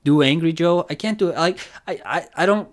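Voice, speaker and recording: A man's voice: a little high, a little fast. A man with a nasal voice streaming a live reaction, chatting casually in a rambling, giggly, self-deprecating way.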